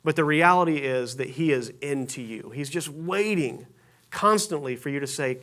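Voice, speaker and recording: A man's voice: on the high side, normal speed, a bit bright. A pastor giving a casual, storytelling sermon to his congregation, with many restarts and self-deprecating asides. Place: church sanctuary stage.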